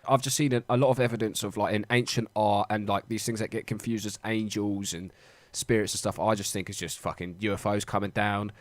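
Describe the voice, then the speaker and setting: A young man riffs loosely on a podcast, swearing freely and joking with friends. His voice sits a little low, recorded dry and close with no room sound. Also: steady tone, fairly quick, few pauses, no echo. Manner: sweary, jokey, puts on mock voices. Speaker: podcast co-host. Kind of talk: casual banter.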